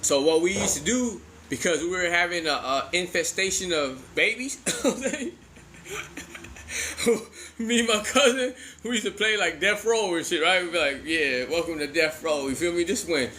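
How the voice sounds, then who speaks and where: A man's voice: high voice, expressive, normal speed, bright, forceful tone, slight background noise. A man in his forties telling a funny childhood story in casual, profane slang, laughing often as he goes.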